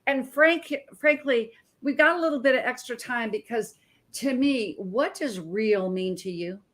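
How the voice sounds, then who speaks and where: A woman's voice: fairly high pitch, a little slow, fairly bright tone. A woman in her sixties, a health coach hosting an interview show, asking enthusiastic, rambling questions. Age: 60s.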